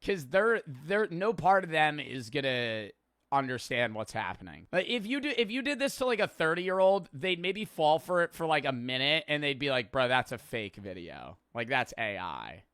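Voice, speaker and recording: A man's voice: a little high, sing-song, moderate pace, fairly bright tone, clear, resonant tone, dry recording. A young man streaming, reacting to a prank video with blunt, jokey, foul-mouthed commentary on a close mic. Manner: blunt, swears freely, jokey.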